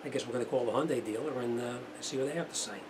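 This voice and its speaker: A man's voice: mid-range voice, very fast, noisy background. A man, an auto mechanic talking casually and bluntly as he walks viewers through a hands-on repair.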